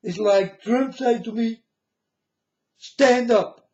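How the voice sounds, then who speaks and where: A man's voice: extremely high pitch, takes it slowly, pauses often, a little mellow. A man giving a preachy, lecturing monologue to his viewers, often turning to them as "folks" and asking if they understand. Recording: echoey room, dull lo-fi sound.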